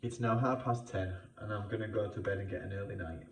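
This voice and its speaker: Halting British man, roomy distant sound. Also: on the low side, fairly even intonation, a little hiss or hum. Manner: halting, repeats himself, many fillers. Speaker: vlogger. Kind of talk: emotional personal vlog. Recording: roomy sound, far from the mic.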